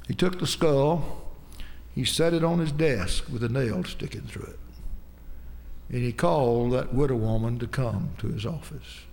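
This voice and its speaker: Gravelly preacher in a hall. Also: male voice, mid-range voice, measured pace, long pauses. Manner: emphatic preaching that rises into shouts. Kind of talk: sermon. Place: church sanctuary. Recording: long hall reverb.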